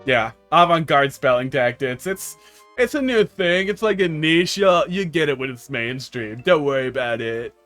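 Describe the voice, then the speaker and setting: A man's voice: a little high, animated, moderate pace, fairly bright tone, soft background music. A man from the United States giving casual, joking live-stream commentary on viewer-made game levels, rambling and laughing often.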